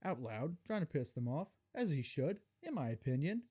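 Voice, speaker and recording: A man's voice: a little high, normal speed, husky. Young guy on his podcast ranting about a concert, swearing a lot, voice jumping all over the place. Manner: profane, exasperated, animated. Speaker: podcast host. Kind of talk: solo comedic storytelling rant.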